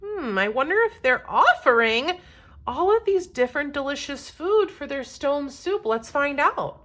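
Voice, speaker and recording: A woman teacher reading a storybook aloud to children, pausing to ask questions in an encouraging, expressive way. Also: high-pitched.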